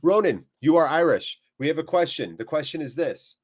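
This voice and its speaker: An American man hosting a live football watchalong. He jokes and chats with viewers between quick play-by-play. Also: on the high side, slight background noise. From United States. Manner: jokey, animated, quick play-by-play. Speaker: watchalong host.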